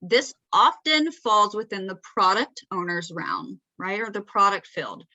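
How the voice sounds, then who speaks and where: Bright-voiced Southern woman giving a talk. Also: mid-range voice, big pitch swings, measured pace, dry recording, rough recording. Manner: conversational, often adds "right?" to check in. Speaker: presenter. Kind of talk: presenting a talk.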